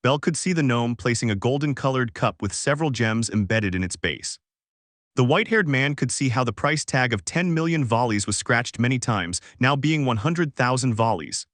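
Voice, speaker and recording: A man reading a fan fiction story aloud in an even, steady storytelling manner. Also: mid-range voice, normal speed, no room sound, clean studio sound. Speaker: narrator.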